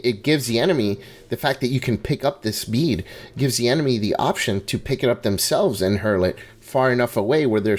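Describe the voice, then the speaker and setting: Chatty man explaining game spells. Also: medium pitch. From Hispanic background. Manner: conversational, restarts and hedging asides, laughs at himself. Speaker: game guide host. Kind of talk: casual spoken game guide.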